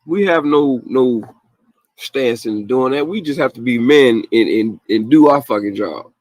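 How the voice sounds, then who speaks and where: A man's voice: medium pitch, animated, unhurried, a little mellow, no room sound, poor audio. A man hosting a podcast, ranting bluntly in casual slang with heated asides and frequent laughs. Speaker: podcast host. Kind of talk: casual profane rant.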